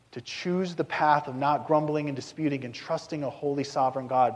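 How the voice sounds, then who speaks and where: A man preaching in a church sanctuary, his fairly high voice carried by a long hall reverb. He speaks earnestly and directly to the congregation, now and then acting out the words of biblical figures. It sounds like a live sermon. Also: darkish tone. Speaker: pastor.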